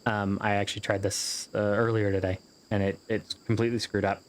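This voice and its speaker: A man's voice: on the low side, flat delivery, brisk. Rambling, joking man narrating his gameplay. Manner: rambling, joking, swears casually. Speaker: gameplay video host. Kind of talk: casual gameplay commentary.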